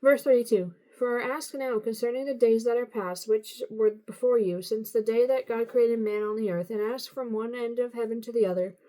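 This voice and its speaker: Woman reading the bible out loud, kinda high voice but warm, trips on words and fixes them. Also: normal speed, hardly any pauses, low-quality recording. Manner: steady reading with occasional slips and self-corrections. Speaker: Bible reader. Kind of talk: unscripted Bible reading aloud.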